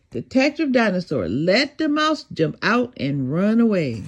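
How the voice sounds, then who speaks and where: An older woman reading a children's picture book aloud as a storyteller, with expressive, animated delivery. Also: mid-range voice, a little slow, few pauses, husky.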